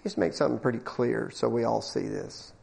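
A male preacher in full flow before a church congregation, his pitch leaping up and down as he drives each point home. He quizzes his listeners with call-and-response questions and stumbles over repeated words when he gets going. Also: animated, a little fast, gravelly, darkish tone, slight background noise. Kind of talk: evangelical sermon.

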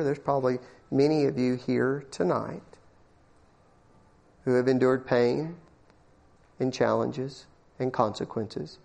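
A man preaching a sermon in church to a congregation. He asks the room questions, repeats words as he builds, and swings between loud bursts and low, quiet passages. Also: gravelly. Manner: animated, call-and-response questions, stammering repeats. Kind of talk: evangelical sermon.

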